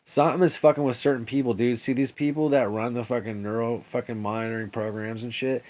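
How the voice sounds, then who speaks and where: A man's voice: mid-range voice, steady tone, quick pace, a little mellow. A man telling a rambling, profane story straight to camera in a vlog, agitated and paranoid, full of "dude" and "like" and restarts.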